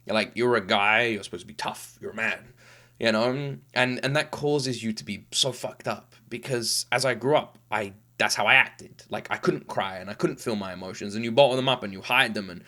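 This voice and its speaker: A man in his thirties hosts a reaction video, his medium-pitched voice slightly bright. Tearful after crying, he delivers a casual emotional monologue, earnest and heartfelt, rambling and restarting as he goes.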